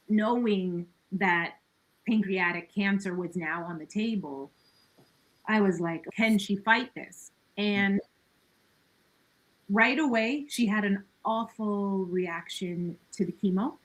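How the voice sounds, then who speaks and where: A woman's voice: medium pitch, takes it slowly, long pauses, low-quality recording. A woman talking as a podcast guest in a casual conversation. She is earnest and reflective, with many "like" and "you know" fillers and laughs between her thoughts.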